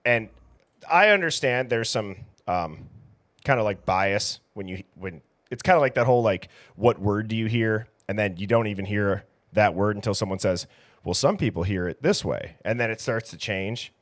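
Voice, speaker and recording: A man's voice: on the low side, expressive, normal speed, a bit bright, no echo, clean studio sound. A man hosting a casual livestream, chatting easily and reading viewer names aloud. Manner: reads chat names aloud, easygoing and chatty. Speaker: livestream host.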